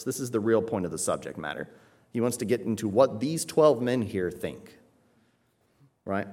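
Emphatic man preaching a sermon. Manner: emphatic, varies pitch and loudness for stress; teacherly, frequent "right?" asides. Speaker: pastor. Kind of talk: expository sermon.

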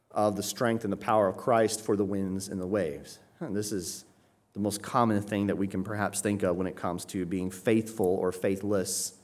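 Man preaching an explanatory sermon. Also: on the low side. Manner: explanatory, often asks "right?" to the listeners. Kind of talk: expository sermon.

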